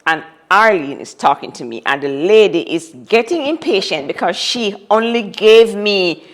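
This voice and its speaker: A woman's voice: mid-range voice, animated, normal speed. A woman telling a personal story as an interview guest, dramatic and repeating phrases for emphasis.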